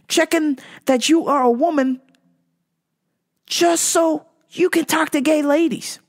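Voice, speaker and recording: A woman hosting a podcast, ranting in a heated, profane way that swings between yelling and muttering. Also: a little high. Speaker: podcast host.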